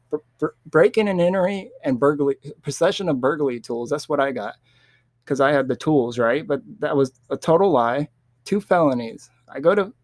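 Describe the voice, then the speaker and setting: A man's voice: fairly high pitch, dry recording. A young man telling a rambling, casual story about his past, with restarts and quoted voices, close to the mic. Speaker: vlogger.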